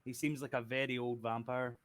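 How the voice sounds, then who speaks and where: A man narrating as dungeon master, animated and quick to laugh at his own slips. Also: medium pitch, slight background noise. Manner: animated, laughing, self-correcting. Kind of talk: narrating a tabletop game.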